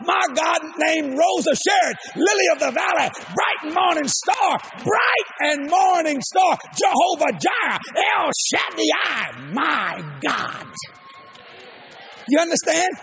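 An older man with a Cajun accent preaching a sermon, emphatic and repetitive, often shouting his lines. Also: extremely high pitch, sing-song, takes it slowly, a faint crowd.

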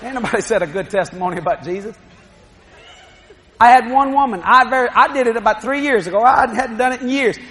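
A middle-aged man preaching a sermon, telling lively stories with laughing asides. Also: extremely high pitch, fairly quick, a little hiss or hum. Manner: storytelling, animated, laughing asides.

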